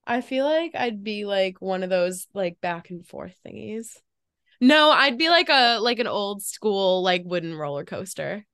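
Chatty young woman, smooth clear voice. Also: medium pitch, lively intonation, a little slow, a bit bright, dry recording, clean studio sound. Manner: chatty, frequent "like" fillers, laughs often. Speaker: podcast co-host. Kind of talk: casual chat.

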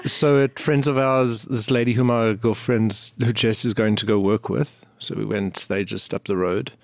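Co-host, light banter. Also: male voice, lowish voice, fairly even intonation, normal speed, gravelly, no room sound, studio quality. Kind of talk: casual podcast banter.

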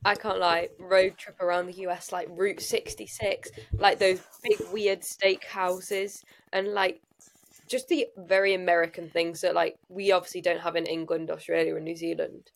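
A woman guest on a podcast, chatting in a relaxed, offhand way. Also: lowish voice, normal speed, vocal fry, poor audio. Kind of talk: casual podcast chat.

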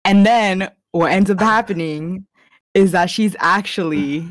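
A woman's voice: medium pitch, measured pace, dry recording, studio quality. A young woman in casual podcast chat, retelling a story in a rambling way, saying "like" constantly and swearing often. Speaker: podcast co-host.

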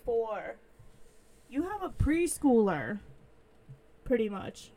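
A woman's voice: a little high, very animated, takes it slowly, mellow. A woman co-hosting a podcast in casual, teasing chat with a friend. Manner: chatty, teasing, playful sing-song asides. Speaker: podcast co-host.

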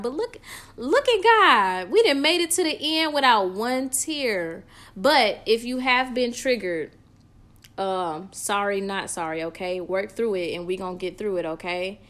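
Woman podcast host, casual, emphatic, encouraging, mid-pitched voice. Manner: encouraging, emphatic, sermon-like repetition; casual slangy address to listeners. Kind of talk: solo podcast talk.

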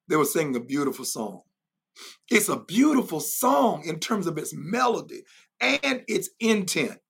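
A man's voice: medium pitch, vocal fry, fairly bright tone, breathy edge. A man teaching in a sermon style, emphatic and repetitive, who often laughs as he goes. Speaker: preacher and Bible teacher.

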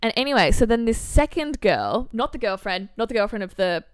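Young woman podcast host, smooth clear voice, chatty anecdote-teller, close dry mic. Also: a little high, fairly quick, no echo. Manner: animated storyteller, acting out quotes, heavy use of "like". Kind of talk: casual chat, storytelling.

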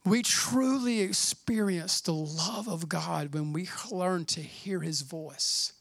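A man's voice: high voice, slow, gravelly, no room sound, clean studio sound. Fervent middle-aged male pastor preaching. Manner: fervent, conversational preaching, often saying "man"; drops to hushed, near-whispered passages. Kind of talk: sermon.

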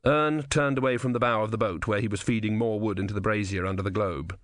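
A man narrating a novel as an audiobook in an even, measured storytelling manner. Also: on the low side, no room sound, studio quality. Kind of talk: scripted narration.

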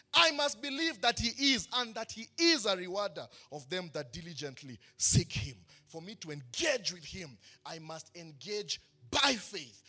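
A man preaches, his voice high and bright. He poses question after question and answers them emphatically, the way a pastor drives a sermon home. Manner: preaching with rising emphatic questions and call-and-response.

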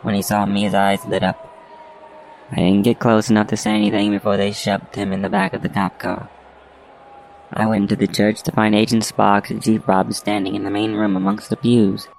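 A man narrating a first-person detective story in a measured, deadpan way. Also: on the low side, vocal fry, slight background noise, poor audio.

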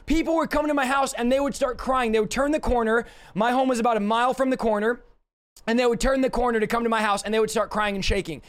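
High-voiced hoarse male preacher. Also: fairly even intonation, fast talker. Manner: fervent, repetitive preaching cadence. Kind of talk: live-streamed sermon. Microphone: streaming setup reading live chat.

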